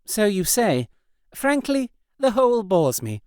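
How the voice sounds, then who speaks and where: A man voicing a dry, sharp-tongued young woman in an audiobook. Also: high-pitched, very animated, normal speed, smooth, no room sound, pitched above the performer's own voice. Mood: wry. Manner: dry, sardonic.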